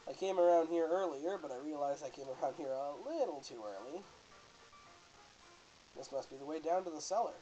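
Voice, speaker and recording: A man's voice: a little high, expressive, a little fast, warm tone, dull audio. Man from canada, let's play commentary, casual and joking, faint music behind. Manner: casual, joking, self-correcting. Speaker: host.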